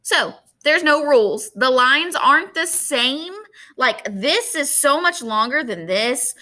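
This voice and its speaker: A woman teaches a recorded lesson in a bright, clear voice that rises high. Her pitch swings widely as she stresses key points and speaks straight to her students. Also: slow pace. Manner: lively, emphatic, talks straight to students.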